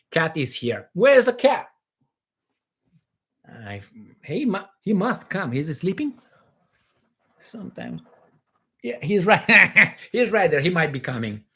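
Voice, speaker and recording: A man from Romania, hosting a casual livestream Q&A in a rambling, animated way from home. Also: high voice. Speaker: livestream host.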